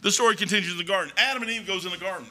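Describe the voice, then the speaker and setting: A man's voice: high voice, rapid-fire, sharp tone. A man preaching a folksy, rambling sermon in a church, talking emphatically and conversationally.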